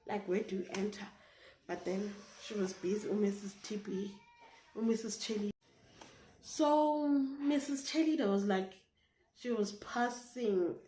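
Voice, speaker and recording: A woman's voice: medium pitch, unhurried. Indignant South African woman telling a story. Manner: animated, indignant, swears freely. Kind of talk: casual storytime vlog. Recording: echoey room, faint noise.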